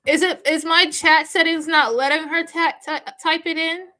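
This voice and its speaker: A woman hosting a live stream, chatting with her viewers, reading out their comments and answering them in an animated, scolding way. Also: very high voice, moderate pace.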